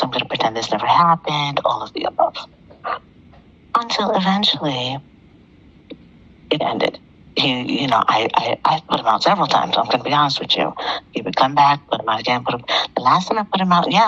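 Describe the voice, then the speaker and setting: Husky middle-aged lady calling in, low voice, repeats stuff over and over for emphasis. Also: fairly bright tone, muffled recording. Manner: emphatic, repeats phrases for effect. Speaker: caller. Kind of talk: telling a personal story to a talk show host.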